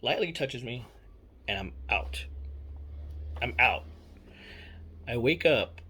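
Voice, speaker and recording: A man's voice: medium pitch, fairly bright tone, a little hiss or hum. Rambling young man telling a story. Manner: rambling, repeats himself, many fillers and swearing. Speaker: storyteller recounting a personal experience. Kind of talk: casual spoken account.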